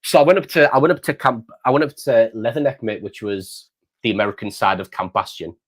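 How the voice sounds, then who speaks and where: A man's voice: medium pitch, a little fast. A middle-aged man from the United Kingdom, hosting a casual chat and saying mate often. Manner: chatty, says mate often. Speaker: host.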